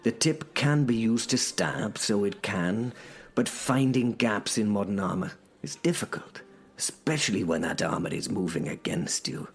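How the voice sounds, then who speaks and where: A man's voice: lowish voice, lively intonation, moderate pace, gravelly, husky, exaggerated voice. A man voicing a proud, blunt, battle-hardened young medieval knight who narrates in formal, scornful old-fashioned speech. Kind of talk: audio drama first-person narration.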